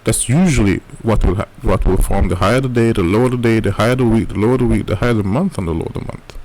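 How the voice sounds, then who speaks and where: A man's voice: lowish voice, fast talker, darkish tone. A man teaching a live trading lesson in a casual coaching way, often checking in with "right?". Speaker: trading educator.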